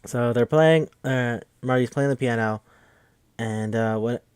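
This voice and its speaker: Casual male podcast host: rambling, sweary and excitable, at a mid pitch, with a dry, close sound. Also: measured pace, smooth, dry recording. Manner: rambling, profane and excitable, with many fillers and restarts. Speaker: podcast host reviewing a film. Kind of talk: casual film recap.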